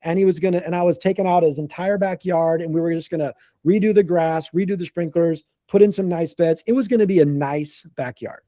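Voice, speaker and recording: A middle-aged man tells a business story on a group call with animated energy. His voice sits a little high but has a mellow, dark tone. He acts out the people in his story and often repeats words, and the sound is close and dry. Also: a little fast, hardly any pauses, no room sound. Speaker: landscaping business coach.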